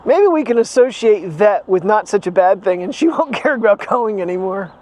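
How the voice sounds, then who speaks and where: High-voiced man rambling in a vlog. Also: animated, moderate pace, darkish tone. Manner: rambling, chatty, talks to his dog. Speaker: daily vlogger. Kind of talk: casual chat. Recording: dull lo-fi sound, faint noise.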